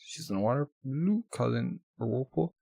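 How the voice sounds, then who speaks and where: Man casually reading a comic aloud, stumbles and self-corrects, gravelly voice, dry recording. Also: mid-range voice, animated, normal speed, warm tone, no echo. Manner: stumbles over words and corrects himself. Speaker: manga reader. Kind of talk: casual read-aloud with commentary.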